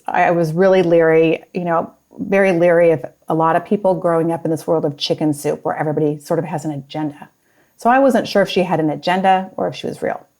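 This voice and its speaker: A woman's voice: on the low side, darkish tone. A woman in her fifties, a guest on a conversational show, telling a story and acting out the quoted lines. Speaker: guest, business partner. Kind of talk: casual conversation.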